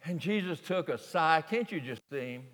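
A man preaching a folksy, animated sermon to a congregation in a large church sanctuary. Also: fairly high pitch, normal speed. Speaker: pastor. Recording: long reverb of a large church hall.

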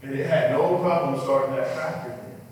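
A man preaching a sermon, telling stories in an animated way and acting out the voices of the people in them. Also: mid-range voice, normal speed, slight background noise. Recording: echoey hall, mic far off, faint ambience.

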